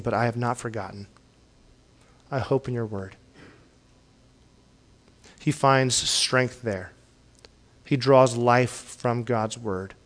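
A man preaching a sermon in an earnest way, often repeating words as he restarts, and rising to a pleading tone when he reads scripture aloud. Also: mid-range voice. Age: young adult or middle-aged, has children. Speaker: pastor.

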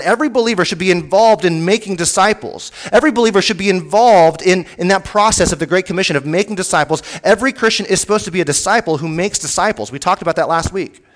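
Man preaching an emphatic sermon. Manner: emphatic, rises in pitch and volume on key points; teacherly, repeats and restates points. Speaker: pastor.

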